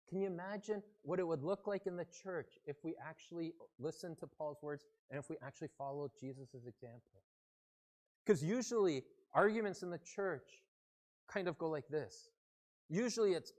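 A pastor delivers a sermon with earnest, conversational warmth of delivery, pitched in an ordinary middle range. The speech moves like someone talking with a congregation rather than reading at it. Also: animated, moderate pace.

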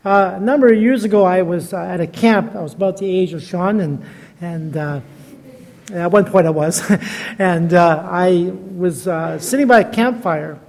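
A man's voice: sits high, fairly even intonation, moderate pace, darkish tone, big-room sound. A man in his sixties, a guest preacher, telling stories in a chatty, self-deprecating sermon. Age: 60s. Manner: chatty, self-deprecating, laughs at own jokes. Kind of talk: storytelling sermon.

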